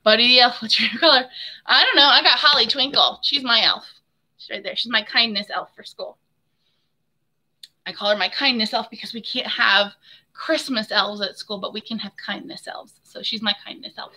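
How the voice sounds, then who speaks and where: A woman chats through a casual live stream as she shows her handmade soaps. Her voice is very bright and sharp and sits a little high. She talks to viewers in a friendly, familiar way and laughs often. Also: normal speed. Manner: chatty and friendly, addresses viewers as hon and my friend. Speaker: soap maker hosting a live giveaway.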